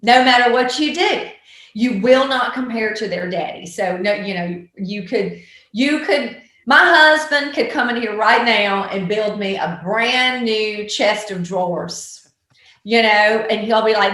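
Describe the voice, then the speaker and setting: A woman, a guest telling stories in a casual interview, animated and full of ums. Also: fairly high pitch, unhurried, heavy reverb. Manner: animated storyteller with many ums. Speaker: guest, author and actor.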